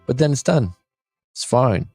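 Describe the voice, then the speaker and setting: A man's voice: mid-range voice, expressive, measured pace, darkish tone, slightly rough, no echo, soft background music. A man in his forties, a life coach hosting a show, talking casually and bluntly, swearing freely. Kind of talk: casual podcast talk.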